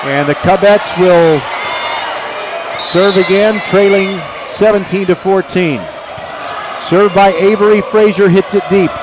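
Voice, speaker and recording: High-voiced man calling volleyball courtside. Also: a little slow. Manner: excited, self-correcting, chatty. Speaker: play-by-play announcer. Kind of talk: live sports commentary. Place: courtside table in a gym. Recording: noisy gym with crowd. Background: crowd and ball bounces.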